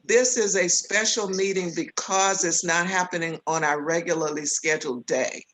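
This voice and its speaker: A woman's voice: lowish voice, normal speed, a bit bright, a little hiss or hum, poor audio. A woman commissioner at a public board meeting, raising careful procedural questions.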